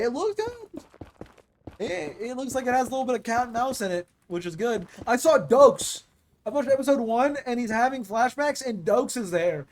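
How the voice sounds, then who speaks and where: A streamer chats loosely over live gameplay at a middling pitch, rambling through thoughts with lots of filler words and casual swearing. A faint hiss sits beneath the voice.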